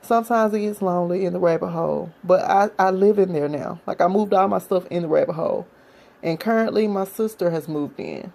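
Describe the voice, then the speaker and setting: A woman's voice: fairly low pitch, fairly quick, gravelly, dark tone, low-quality recording. A woman vlogger who is out of breath, reading a history passage aloud and then speaking earnestly and directly to her viewers.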